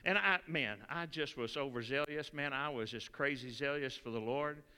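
A man preaching a sermon in a church, animated and folksy, repeating phrases. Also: medium pitch, normal speed, clean tone. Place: church sanctuary. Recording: church hall reverb.

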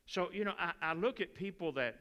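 A man preaching a sermon in a church, animated and folksy, repeating phrases. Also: high voice, fairly quick, clean tone. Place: church sanctuary. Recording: church hall reverb.

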